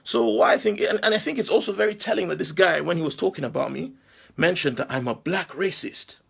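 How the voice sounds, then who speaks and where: A man's voice: on the high side, a little fast, creaky, breathy edge. A man with a British accent delivering an impassioned monologue, firing off rhetorical questions and repeating himself as he argues. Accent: British English. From England. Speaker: commentator responding to a critic.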